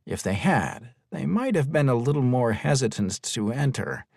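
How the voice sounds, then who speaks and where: A man reading an audiobook as narrator, with expressive storytelling. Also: mid-range voice, moderate pace, vocal fry, no echo, clean studio sound. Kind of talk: scripted narration.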